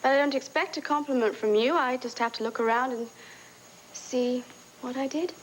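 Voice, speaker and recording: A woman's voice: sits high, steady tone, normal speed, slight background noise, close to an everyday voice, rough recording. An actress playing a sly, manipulative woman who trades cutting remarks, in 1980s TV soap acting. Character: scheming woman trading barbs.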